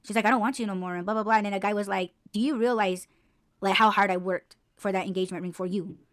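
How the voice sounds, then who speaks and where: Chatty podcast woman, swears a lot, says like constantly, mid pitch. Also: quick pace. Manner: animated storytelling, heavy swearing and "like" fillers. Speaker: podcast co-host. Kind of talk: casual chat.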